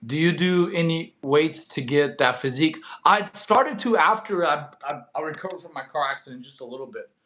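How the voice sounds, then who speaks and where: Young male fitness streamer, raised in Russia, rambling and slangy, fairly high voice, echoey room sound. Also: animated, a little fast, few pauses, fairly bright tone. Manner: loose, slangy, many fillers and restarts. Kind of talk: casual live-stream chat reading viewer questions.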